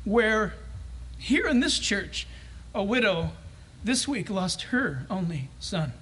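Animated high-voiced preacher. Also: male voice, takes it slowly, breathy edge. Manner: animated, humorous, acts out scenes. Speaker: pastor. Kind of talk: sermon. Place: church.

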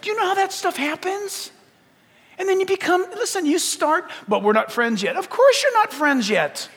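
A man preaching a sermon as pastor, animated, acting out little dialogues and rising to shouts. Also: very high-pitched, moderate pace. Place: church sanctuary. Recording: long reverb of a church hall.

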